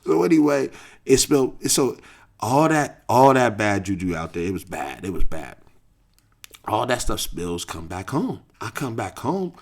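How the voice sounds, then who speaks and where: A middle-aged man with a St. tells a story in casual, profane podcast talk. His voice sits low, but his pitch swings widely as he laughs and acts out heated shouting. He is loose, lively and unfiltered. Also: unhurried. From St. Louis, USA. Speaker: podcast host and basketball coach.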